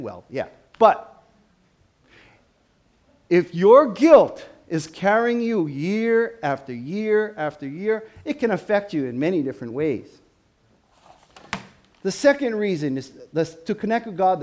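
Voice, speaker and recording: Male pastor, lively sermon delivery, higher-pitched voice. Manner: animated preaching, rising to loud emphatic questions. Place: church.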